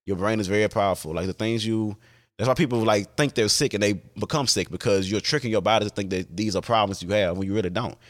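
A man's voice: lowish voice, quick pace. A man hosting a podcast, talking alone in a casual, candid way, with many fillers and restarts and casual swearing. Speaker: podcast host.

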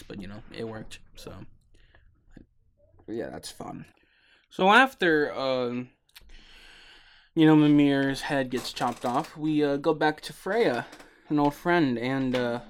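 A man's voice: medium pitch, clear, resonant tone. A sleepy young man hosting a podcast, recapping a video game in a rambling, casual way with lots of ums and swearing. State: sleepy, yawning. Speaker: podcast host.

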